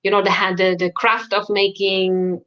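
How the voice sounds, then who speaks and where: A woman's voice: medium pitch, little pitch movement, moderate pace, fairly bright tone, highs cut off. A woman guest in a casual livestream chat, hesitant and searching for her words.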